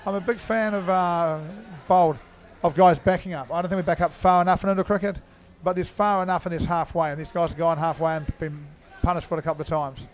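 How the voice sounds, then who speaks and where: Chatty male cricket commentator, higher voice. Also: fairly even intonation, a little fast, few pauses. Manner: chatty, thinks aloud with many fillers. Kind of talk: live indoor cricket commentary.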